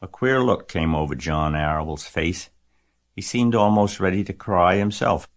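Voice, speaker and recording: A deep-voiced man reads a children's book aloud. His narration is measured and gentle, with an unhurried storytelling pace. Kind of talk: audiobook reading of a children's novel.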